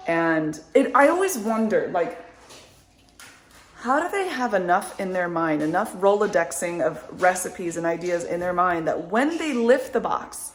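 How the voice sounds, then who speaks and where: A woman's voice: on the low side, lively intonation, a little slow. A woman in her thirties chatting casually to her viewers in a vlog, upbeat and rambling, with lots of likes and ums. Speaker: vlogger, mother.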